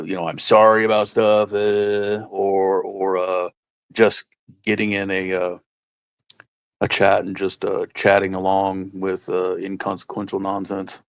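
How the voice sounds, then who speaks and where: A man co-hosting a casual live-stream chat, rambling and halting with many fillers and restarts. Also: low-pitched, gravelly. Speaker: stream co-host.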